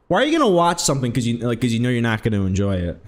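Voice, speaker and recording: A man streaming a video game, chatting casually and rambling, with sudden loud exclamations when something excites him. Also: mid-range voice, very fast. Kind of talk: casual let's-play chat.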